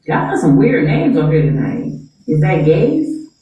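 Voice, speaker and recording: A woman's voice: sits low, sing-song, moderate pace, mellow. Brash woman ranting in an echoey room. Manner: brash, slangy, heated. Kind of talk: livestream rant. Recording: echoey room, far from mic.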